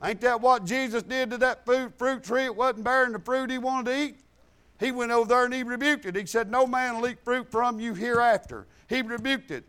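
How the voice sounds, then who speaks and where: A man's voice: extremely high pitch, normal speed, a bit bright, smooth. A man preaching a sermon, retelling talks with God and mixing scripture quotes with folksy plain talk.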